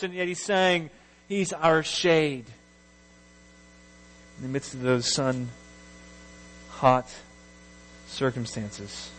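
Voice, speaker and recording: A man preaching a sermon as pastor, reading scripture aloud with rising emphasis and an expressive delivery. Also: mid-range voice, very slow, pauses often, rough recording.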